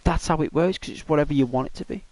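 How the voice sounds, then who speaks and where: Gentle rambling man. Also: fairly high pitch, dry recording. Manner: gentle, rambling, halting with many fillers. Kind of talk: consoling casual chat.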